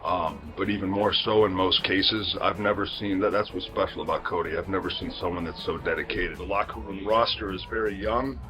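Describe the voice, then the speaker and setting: A wrestler answering an interview in a measured, serious way. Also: male voice, low voice, bright, forceful tone, faint music behind, poor audio.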